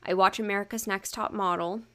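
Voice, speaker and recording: A woman's voice: mid-range voice, steady tone, a little fast, sharp tone. A young woman hosting her own podcast, talking in a loose, chatty way. She swears freely, mocks herself and fills her talk with "um" and "like". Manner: chatty, swearing, self-mocking, lots of fillers. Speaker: podcast host. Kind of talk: casual solo podcast chat.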